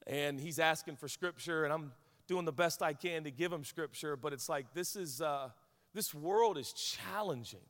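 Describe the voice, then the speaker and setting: A man's voice: a little high, moderate pace, a bit bright, long reverb tail. A man in his forties, a pastor giving a sermon in a candid, conversational, storytelling way. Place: large hall with congregation.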